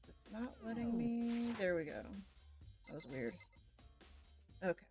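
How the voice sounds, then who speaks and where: A woman's voice: on the high side, lively intonation, a little slow, darkish tone, soft background music. A woman from the United States streaming a game, joking, swearing and muttering to herself as she plays. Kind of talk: casual game stream chat.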